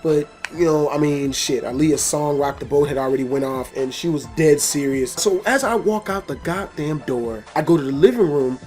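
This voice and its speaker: A man's voice: fairly high pitch, moderate pace, few pauses, faint music behind. A man telling a personal story in a casual vlog, swearing often and acting out the scenes. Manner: profane, animated storytelling. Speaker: storytelling video host.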